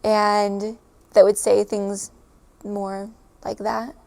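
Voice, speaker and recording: Woman, casual chat, giggly, lots of fillers, gravelly fry. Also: mid-range voice, little pitch movement, very slow, a little mellow. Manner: chatty and giggly, many fillers. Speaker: storyteller recalling a stay abroad.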